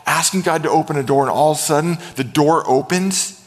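Middle-aged pastor preaching in a reverberant hall. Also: male voice, a little high, fairly quick. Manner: animated storytelling, acts out quoted voices. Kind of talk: sermon.

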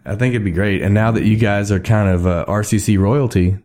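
Laid-back podcast host, low and dark. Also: male voice, steady tone, brisk. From Texas. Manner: rambling, laid-back, laughs often. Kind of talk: casual chat. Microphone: studio microphone.

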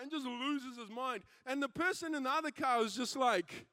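A man preaches with lively, story-driven energy, jumping into the voices of the people he describes. His voice sits unusually high, and it is recorded dry, with no room sound. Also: brisk, hardly any pauses, clean tone, no room sound. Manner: animated storytelling, acting out quoted characters. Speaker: pastor. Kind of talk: sermon.

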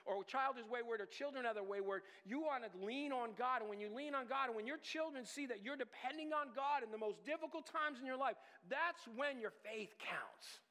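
A man's voice: very high-pitched, fairly quick, few pauses, sharp tone, big-room sound. A man preaching a sermon as pastor, who acts out whiny children and parents in little scenes.

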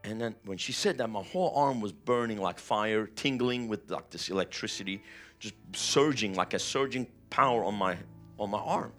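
Low-voiced pastor telling a testimony. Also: male voice, normal speed, fairly bright tone, faint music behind. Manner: emotional, vivid retelling with rising intensity. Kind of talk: sermon testimony storytelling.

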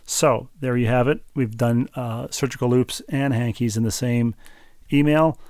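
A man's voice: medium pitch, steady tone, normal speed, darkish tone, no room sound, clean studio sound. A man co-hosting a podcast in a casual, chatty way, reading out listener emails with playful wordplay. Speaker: podcast co-host.

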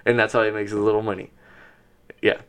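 A man chatting casually, telling a story with lively acted-out quotes. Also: lowish voice, quick pace, smooth. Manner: animated storyteller who acts out quotes. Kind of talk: casual chat.

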